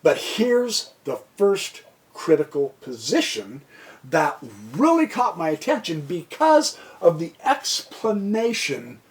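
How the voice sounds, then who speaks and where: Slow, rambling man teaching chess. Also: fairly high pitch, wildly swooping pitch. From United States. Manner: rambling, jokey asides, mutters to himself. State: tired. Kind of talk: casual chess lesson.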